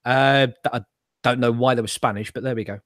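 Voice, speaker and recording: A man's voice: medium pitch, steady tone, a little fast, fairly bright tone, no room sound, clean studio sound. A man hosting a casual chat show over a video call, rambling, swearing and laughing at his own jokes. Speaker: host.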